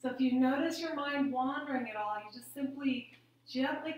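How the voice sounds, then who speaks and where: Soothing female yoga instructor, unhurried guidance, slightly high voice, heavy room echo. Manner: calm, gentle, soothing guidance. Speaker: yoga teacher. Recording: very echoey room.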